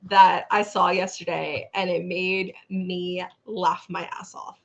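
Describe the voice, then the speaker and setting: A woman's voice: lowish voice, flat delivery, slow, creaky, lo-fi sound. A young woman co-hosting a podcast, casually retelling a story she saw online, acting out the people in it and swearing freely. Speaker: podcast co-host.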